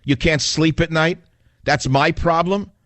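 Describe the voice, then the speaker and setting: A man's voice: a little high, fairly even intonation, measured pace, fairly bright tone, no room sound. A man with a New York accent hosting a talk radio show, delivering a combative, sarcastic monologue full of rhetorical questions.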